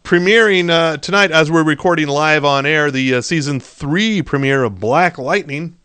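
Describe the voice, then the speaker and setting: A man's voice: a little high, moderate pace, pushed and bright, clear, resonant tone, no room sound. A man co-hosting a casual podcast, running through entertainment news in a blunt, profane way. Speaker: podcast co-host and radio host.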